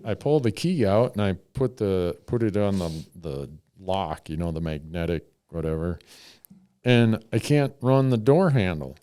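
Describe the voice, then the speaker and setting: A man's voice: lowish voice, warm tone, clean tone, no echo, clean studio sound. A middle-aged man, a podcast host, telling a story in a laid-back, wry way. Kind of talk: casual storytelling.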